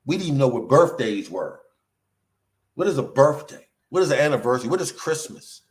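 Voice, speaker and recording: A man giving an informal scripture sermon in casual slang, swinging between loud emphatic bursts and low mutters and drawing words out slowly. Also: sing-song, rough recording. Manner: stretches words out slowly for effect. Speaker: preacher.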